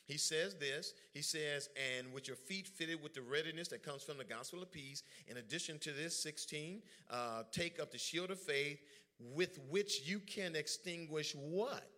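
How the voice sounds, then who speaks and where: A man preaching a lively sermon, joking with the congregation and calling for their responses. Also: fairly high pitch, measured pace. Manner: lively, joking, drawls informal speech.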